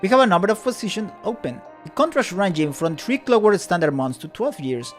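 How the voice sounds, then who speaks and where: A man's voice: sits high, expressive, fairly quick, soft background music, pitched above the performer's own voice. Man putting on a sing-song female clerk. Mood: chirpy. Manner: trilling sing-song delivery. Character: sing-song, rehearsed female receptionist clerk, polite and bureaucratic. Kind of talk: reading game dialogue aloud.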